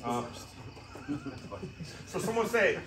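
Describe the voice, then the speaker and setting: A man's voice: fairly high pitch, drawn-out words. Guy coaching jiu-jitsu on the mat, chatty and laughy, lots of background noise. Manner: casual, laughs often, animated storytelling. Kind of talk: mat-side technique teaching. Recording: noisy gym audio.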